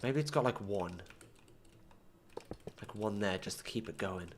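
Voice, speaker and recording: A man's voice: lowish voice, measured pace, background noise. A young man commenting casually on his own gameplay, muttering to himself and breaking into frustrated outbursts. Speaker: gaming streamer.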